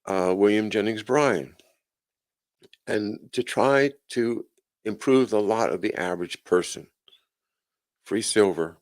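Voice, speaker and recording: A man's voice: lowish voice, takes it slowly, long pauses. A male host of a live chat show, reading news aloud and adding sardonic, chuckling asides with frequent "uh"s and restarts. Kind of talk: casual livestream commentary, reading news aloud.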